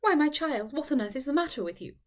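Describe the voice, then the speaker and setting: A woman reading aloud and voicing a lively young woman who teases and coaxes her upset friend, in an audiobook. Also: high voice, fast, pitched above the performer's own voice. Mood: concerned.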